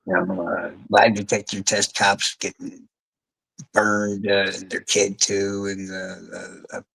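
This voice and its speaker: A man's voice: sits low, completely flat delivery, slow pace, creaky, bright, forceful tone, slightly rough, poor audio. A man chatting casually on a livestream, rambling and swearing as he gets worked up.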